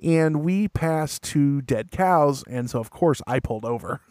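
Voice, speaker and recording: A man's voice: a little high, lively intonation, unhurried, darkish tone, no room sound, clean studio sound. A man co-hosting a podcast, telling stories in a loose, jokey way and laughing often. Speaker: podcast co-host. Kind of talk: casual podcast chat.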